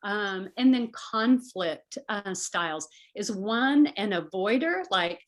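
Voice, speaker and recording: A woman's voice: mid-range voice, animated, slow, hardly any pauses. Earnest middle-aged woman giving advice. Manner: earnest, acts out voices in quotes. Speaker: guest. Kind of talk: conversational advice talk.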